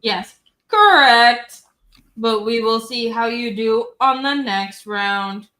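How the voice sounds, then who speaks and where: A woman's voice: fairly high pitch, slow pace, sharp tone. A woman voicing a stern robot teacher with clipped, formal speech, recorded in an echoey room.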